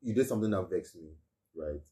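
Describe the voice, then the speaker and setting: A man's voice: sits low, expressive, dark tone, far from the mic. A man, chatting casually as a podcast co-host and restarting his sentences often. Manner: talks fast with many restarts and fillers. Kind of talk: casual chat.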